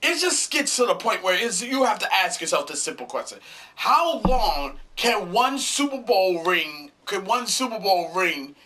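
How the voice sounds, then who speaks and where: A man's voice: sits high, very animated, measured pace, bright, forceful tone, a little hiss or hum. A man ranting angrily about his football team, swearing often, repeating himself and tripping over his words. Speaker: sports fan vlogger. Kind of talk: angry football rant.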